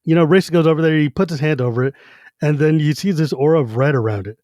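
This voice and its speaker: A man co-hosting a casual book podcast, retelling scenes in an animated, laughing, slangy way. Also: on the high side, fast, dry recording, studio quality. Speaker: podcast co-host.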